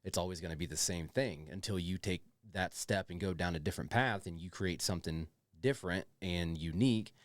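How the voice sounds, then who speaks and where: Man, very deep voice, podcast co-host, enthusiastic casual chat, swears, dry close sound. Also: fairly quick, hardly any pauses, dry recording. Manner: loose and enthusiastic, swears, says "dude" a lot.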